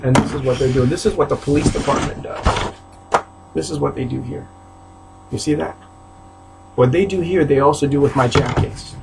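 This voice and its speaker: A Haitian man, a preacher, rants to camera inside his apartment, aggrieved and repetitive, often breaking into outbursts. His voice is medium-pitched and creaky at a normal speed, with frequent pauses. The recording is very noisy.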